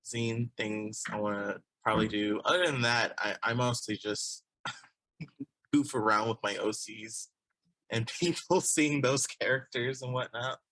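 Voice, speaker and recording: Chatty young man with a bright voice. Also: medium pitch, steady tone, a little slow, no echo. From Texas, USA. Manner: chatty and rambling, with frequent laughter and restarts. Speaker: guest, illustrator and comic artist. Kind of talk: casual conversational interview.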